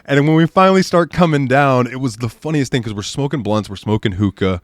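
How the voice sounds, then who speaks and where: A man's voice: mid-range voice, fast talker, no echo, studio quality. A young man co-hosting a podcast, telling a rowdy story in casual chat, laughing often and mimicking his friends. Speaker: podcast co-host.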